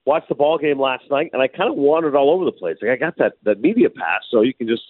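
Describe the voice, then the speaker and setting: A man co-hosting a radio chat from afar, rattling off his stories quickly with a lively, swooping pitch. His voice comes through a thin, phone-like line with no room sound at all. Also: no room sound. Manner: animated storyteller. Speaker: co-host. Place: remote, away from studio. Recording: tinny phone line, dry.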